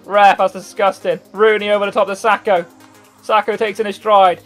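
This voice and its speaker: A man in his twenties giving excitable live gameplay commentary, swearing often and bursting into shouts. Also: sits high, normal speed. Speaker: gaming YouTuber. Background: faint background music.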